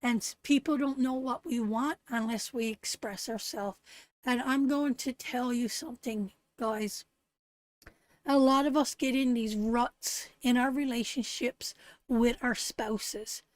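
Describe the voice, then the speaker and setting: High-pitched woman, middle-aged, from Canada, tarot reader on a live stream, blunt and salty, dry close sound. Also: steady tone, a little slow, no room sound. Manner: blunt, salty, preachy pep talk to viewers.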